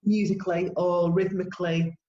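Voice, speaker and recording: A woman's voice: on the low side, normal speed. Woman teacher talking in an echoey room. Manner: explains classroom ideas in a steady, encouraging way. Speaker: podcast co-host, language teacher. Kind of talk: casual podcast discussion. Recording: echoey room, dull sound, faint noise.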